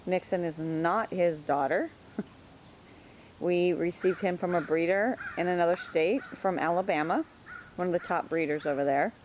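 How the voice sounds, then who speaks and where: Woman, chatty dog breeder, lower voice, casual outdoor home video, light noise. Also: moderate pace, darkish tone. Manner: chatty, calls out to dogs in a high sing-song. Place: outdoors in a yard with dogs.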